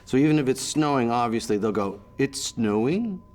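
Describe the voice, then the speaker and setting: A man's voice: medium pitch, fast talker, a little mellow. A man giving a reminiscing interview, telling anecdotes and acting out the voices of people he quotes.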